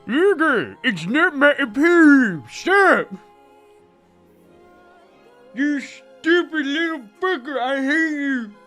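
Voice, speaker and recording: A squealing mock-chef galactic emperor. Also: male voice, animated, takes it slowly, long pauses, faint music behind, heavily acted. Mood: scolding, bossy. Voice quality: high, squealing, fake gibberish accent. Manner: yelling and scolding comically. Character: goofy mock-Swedish chef version of a galactic emperor, male, blustering.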